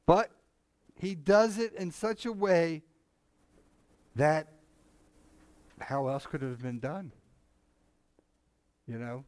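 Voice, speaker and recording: A man's voice: fairly high pitch, slow pace, pauses often, darkish tone, clear, resonant tone, no echo. Rambling man in casual Bible talk. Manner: conversational, rambling, many "you know" asides; chuckles often, mimics others animatedly. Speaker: Bible study co-host.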